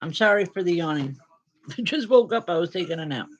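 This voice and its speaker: Her voice on the low side and her delivery animated, a woman medium gives spirit readings to live-stream viewers. She stays gentle and comforting, with pauses and fillers, over a rough recording.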